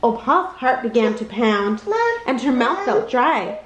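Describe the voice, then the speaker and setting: Lively, high-voiced woman reading a bedtime story. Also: measured pace, echoey room, background noise. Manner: expressive, jumps high for characters' lines. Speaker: storybook reader. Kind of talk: bedtime read-aloud.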